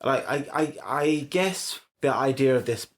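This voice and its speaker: Brief: a teasing, playful male co-host, mid-pitched and casual. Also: measured pace. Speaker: podcast co-host. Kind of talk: casual chat.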